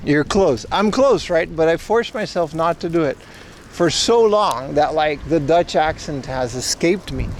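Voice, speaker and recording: Strolling outdoors in Japan, a man from Boston in his thirties keeps up a rambling, jokey conversation with his livestream audience. He speaks unhurriedly in a fairly high, animated voice, with slight hiss or hum in the audio.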